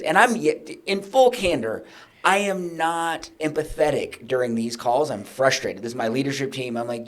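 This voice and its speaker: A middle-aged man telling candid business stories as a podcast guest, acting out his own past conversations with lively emphasis. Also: on the high side, normal speed. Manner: animated, acts out his own past dialogue.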